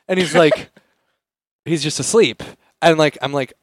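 A young man co-hosting a podcast, chatting casually and cutting in with quick jokes. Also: fairly high pitch, no room sound. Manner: joking interjections and quick banter. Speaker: podcast co-host. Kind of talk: casual chat.

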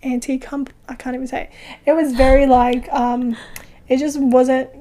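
A woman with a high voice chats casually about a horror film. Her talk is animated and profane, full of swearing and laughter. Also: normal speed, a crowd in the background. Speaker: podcast co-host recapping a film. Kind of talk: casual chat.

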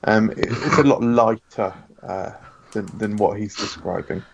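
A man's voice: lowish voice, unhurried, creaky, background noise. A man chatting casually as a podcast guest, wry and wordy, laughing often. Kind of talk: casual chat.

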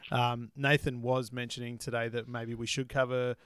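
An Australian man co-hosting a podcast, joking around in casual chat, swearing and chiming in quickly. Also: mid-range voice, flat delivery, fairly bright tone, clear, resonant tone, dry recording, clean studio sound. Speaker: podcast co-host.

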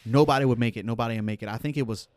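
A man's voice: medium pitch, racing, a little mellow, no room sound, clean studio sound. A young man co-hosting a casual podcast chat, telling laid-back, slangy stories. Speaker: podcast co-host.

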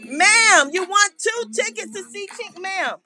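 A woman voicing a pushy radio DJ who loudly insists and hypes a prize, breaking into shouts. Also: very high voice, expressive, measured pace, over music, voice pushed up. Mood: hyping.

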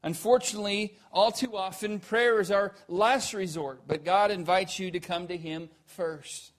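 A man preaching a sermon, earnest, asking the listeners questions, rising to emphatic peaks and then dropping low and quiet. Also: fairly even intonation, moderate pace.

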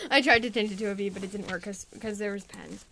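A woman telling a silly story in casual chat, giggling and chatty, acting out cat characters in quick voices. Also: medium pitch, fairly even intonation, fairly bright tone, slight background noise. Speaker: co-host describing a drawing.

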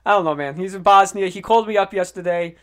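A young man co-hosting a podcast in casual chat, lively and full of stammered restarts. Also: high-pitched, quick pace, smooth. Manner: animated, stammering restarts, acts out quoted voices. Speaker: podcast co-host.

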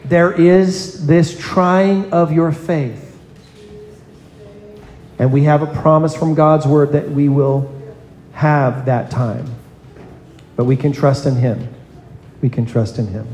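A man's voice: a little high, steady tone, slow, pauses often, darkish tone, slight background noise. A man preaching a sermon in a church, earnest, calling on children in the congregation by name. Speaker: pastor. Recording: echoey hall with long reverb.

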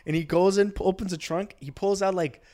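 A man's voice: high voice, fairly quick. Rambling young man telling a story. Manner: rambling, animated, acts out other people's shouted lines. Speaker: podcast co-host. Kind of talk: casual storytelling chat.

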